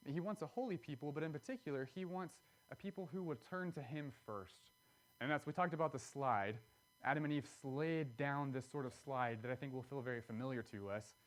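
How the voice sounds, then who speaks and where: A man's voice: medium pitch, a little fast. A man preaching a sermon, earnest and explanatory, pressing key words with emphatic rises.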